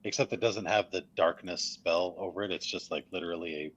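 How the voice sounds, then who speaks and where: A man running a tabletop role-playing game as game master, explaining rules and describing scenes in a relaxed way. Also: sits low, fairly quick, slightly rough, dull audio. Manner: relaxed, explains rules and voices characters offhand. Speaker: dungeon master.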